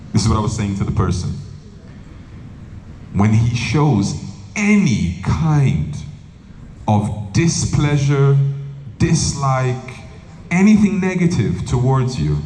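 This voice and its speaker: A man's voice: mid-range voice, dark tone, slight background noise. A man who is a monk and spiritual teacher, giving a humorous talk full of anecdotes and acted-out quotes. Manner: humorous storytelling, acting out quotes. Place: live event hall. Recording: roomy echo, faint background ambience.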